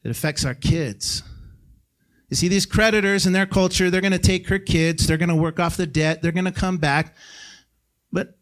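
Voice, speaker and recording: A middle-aged man preaching a sermon as guest pastor in a church, talking in a conversational way that jumps to shouted peaks and drops to hushed lines. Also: sits high, moderate pace. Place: church sanctuary.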